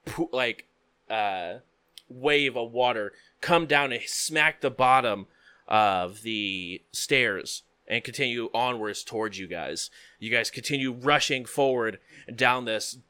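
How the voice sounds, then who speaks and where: A man narrating a tabletop game as game master, describing scenes in a halting way with frequent fillers. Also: medium pitch, sharp tone, clean tone, no echo.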